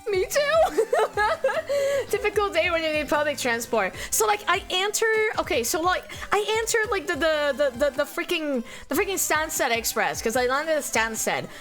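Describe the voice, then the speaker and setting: A woman's voice: high-pitched, very animated, moderate pace, over music. A young woman from France, a native French speaker, chatting casually with her stream viewers, laughing often and swearing as she talks. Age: young adult.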